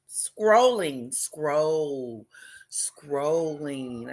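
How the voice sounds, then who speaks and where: A woman hosting a casual livestream chat, talking loudly and excitedly and greeting viewers by name. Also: deep voice, extremely slow. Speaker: livestream host.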